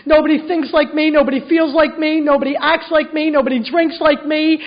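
High-voiced woman sharing her story. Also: level tone, a little fast. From Philadelphia, USA. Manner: earnest and emotional with self-mocking humor. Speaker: recovery meeting speaker. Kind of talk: personal testimony talk to an audience. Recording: dull lo-fi recording.

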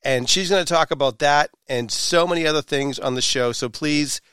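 Playful podcast host man, smooth dry voice. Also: a little high, normal speed, pushed and bright, no room sound. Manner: playful, showy build-up delivery. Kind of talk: casual interview.

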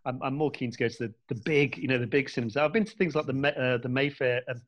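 A man's voice: mid-range voice, quick pace, lo-fi sound. A man from England chatting casually on a podcast, rambling and often restarting his sentences. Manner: rambling, chatty, self-correcting. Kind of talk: casual chat. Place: London.

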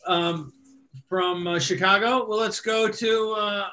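Bright-toned man hosting a comedy show. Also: sits high, steady tone, takes it slowly. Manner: bantering, teasing guests. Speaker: host. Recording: faint background noise.

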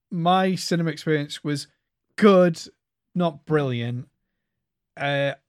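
A man's voice: on the high side, clean tone, no echo, clean studio sound. A young man co-hosting a podcast, speaking hesitantly and repeating words as he gathers his thoughts. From England. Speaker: podcast co-host. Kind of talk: casual review chat.

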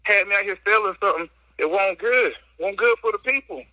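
A man's voice: high voice, brisk, sharp tone, no echo, rough recording. A man guest on a casual podcast, talking through a phone while out on a walk, slightly out of breath, emphatic and slangy as he vents. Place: outdoors on a walk.

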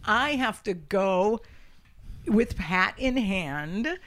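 A woman's voice: medium pitch, animated, drawn-out words, a bit bright. Woman, 50s, comedian and podcast host, brash, swears freely, self-deprecating. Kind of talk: casual podcast chat.

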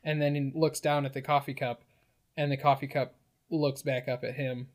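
A man with a middle-pitched voice spins an improvised comic story. He rambles and leans on fillers. The telling is loose and casual. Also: flat delivery, normal speed.

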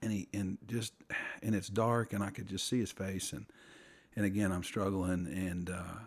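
A middle-aged man with a very low, deep voice tells an earnest personal story of faith. He speaks haltingly and restarts his sentences often as he searches for the words. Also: flat delivery, slightly rough. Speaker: podcast guest.

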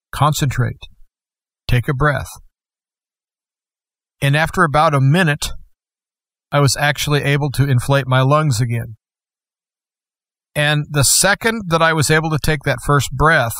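A man telling a personal testimony in an earnest, deliberate storytelling manner. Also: mid-range voice, a bit bright, dry recording.

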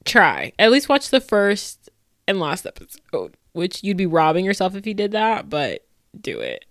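A woman's voice: medium pitch, huge pitch swings, moderate pace, a bit bright, dry recording, clean studio sound. A young woman in her twenties hosting a casual solo podcast, gushing and laughing often as she fangirls. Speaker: podcast host.

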